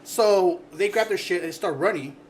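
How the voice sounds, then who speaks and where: A man hosting a podcast, telling an animated work story with swearing and bursts of laughter. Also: sits high, moderate pace. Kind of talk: casual chat.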